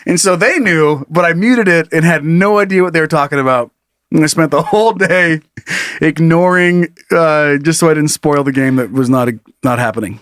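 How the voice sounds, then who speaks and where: A middle-aged man co-hosting a podcast, telling a story in animated casual chat, swearing often and laughing mid-sentence. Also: a little high, brisk, no room sound, clean studio sound. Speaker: podcast co-host.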